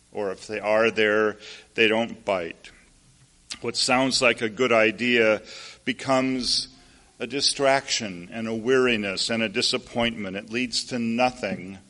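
Male preacher, measured sermon storytelling, slow delivery, asides to the congregation. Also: mid-range voice, sharp tone. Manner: unhurried storytelling with asides to listeners.

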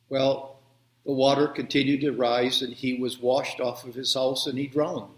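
Male pastor, gentle unhurried sermon storytelling, echoey video-call sound. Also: medium pitch, level tone. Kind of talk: children's sermon and prayer. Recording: roomy echo.

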